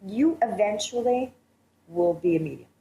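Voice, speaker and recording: A woman's voice: medium pitch, animated, normal speed, vocal fry, mellow. A woman hosting a psychic radio show, talking in an earnest, emphatic way and laughing often. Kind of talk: radio talk show chat. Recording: echoey studio with faint hiss.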